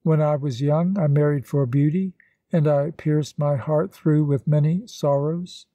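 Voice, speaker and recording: A man reading the lines of a grave, sorrowful gentleman in a storybook, in a measured and solemn way. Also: fairly high pitch, steady tone, dry recording, natural voice. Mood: tender.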